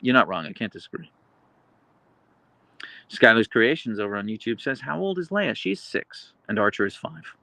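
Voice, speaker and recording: A man's voice: very animated, normal speed, vocal fry, long pauses, sharp tone, no room sound. Chatty man reading stream chat aloud. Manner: baby talk to his dogs in high pitch. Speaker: live streamer. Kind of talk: casual live stream chat. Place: home in Seattle.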